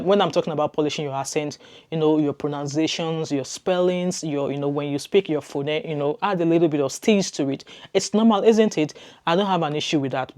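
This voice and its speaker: A woman's voice: low voice, darkish tone. A middle-aged woman from Nigeria with a heavy Nigerian accent, talking casually to her camera in a chatty, reassuring way and repeating points for emphasis. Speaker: vlogger.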